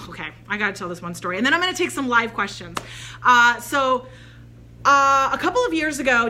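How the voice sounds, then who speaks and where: Bright, chatty woman telling a story. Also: a little high, slight background noise. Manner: chatty, animated, quotes voices in her anecdotes. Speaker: spiritual channeler. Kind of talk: casual storytelling.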